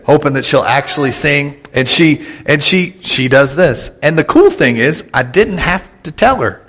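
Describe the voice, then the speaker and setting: Joking pastor in a reverberant church. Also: male voice, on the high side, lively intonation, fairly bright tone. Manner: joking, conversational, with quick asides and laughs. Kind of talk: casual humorous sermon. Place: church sanctuary. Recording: long hall reverb in a church.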